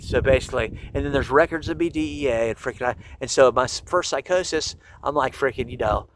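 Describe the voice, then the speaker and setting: A man's voice: a little high, a bit bright, a little hiss or hum, poor audio. A man talking in a rambling monologue, jumping between topics, restarting sentences and filling them with constant swearing. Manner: restless, restarts sentences often.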